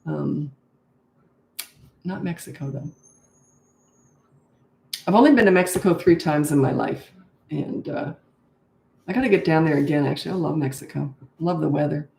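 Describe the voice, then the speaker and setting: Low-voiced older woman giving blunt advice. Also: moderate pace, vocal fry, long pauses, darkish tone, slight background noise. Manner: direct, matter-of-fact advice, acts out kids in high voices. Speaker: parenting coach. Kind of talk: live Q&A answering viewer questions. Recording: echoey room.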